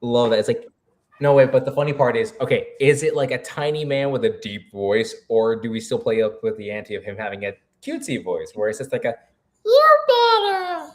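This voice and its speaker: A man's voice: on the low side, darkish tone. A man co-hosting a casual live stream, playfully jumping in with ideas. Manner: playful, quick to jump in with ideas. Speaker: co-host.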